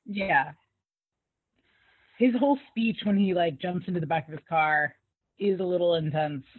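A woman's voice: fairly low pitch, moderate pace, slightly rough. A woman co-hosting a casual recap chat, talkative and laughing often, acting out quoted lines. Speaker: podcast co-host recapping a TV episode. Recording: tinny phone-like sound.

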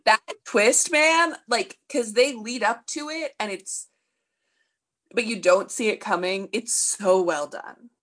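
A woman's voice: a little high, takes it slowly, fairly bright tone. A woman co-hosting a casual talk show, reacting to a TV episode with enthusiasm and laughter. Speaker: podcast co-host. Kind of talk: casual chat.

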